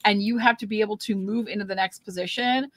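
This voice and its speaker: A woman's voice: mid-range voice, steady tone, fast, no room sound. A woman co-hosting a recap podcast in casual chat, enthusiastic and often restarting her sentences. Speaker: podcast co-host.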